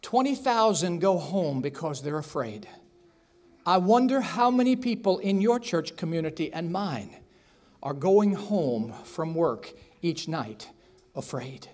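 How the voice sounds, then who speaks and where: A man's voice: a little high, expressive, measured pace, a little mellow. A man preaching a sermon in a church, telling a story with acted-out voices and asking the congregation questions. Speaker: pastor. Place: church sanctuary.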